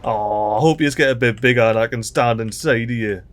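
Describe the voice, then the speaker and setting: A man giving chatty, excitable let's-play commentary, full of mild swearing and local slang. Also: medium pitch, fairly quick. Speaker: gaming video host.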